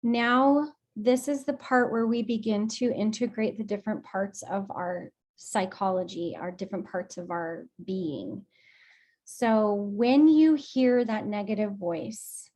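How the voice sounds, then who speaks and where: A woman guides an emotional release session for a group on a video call. She speaks at a slow, unhurried pace. Her manner is affectionate and encouraging, and she sits in the middle of the usual range for pitch. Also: a little mellow.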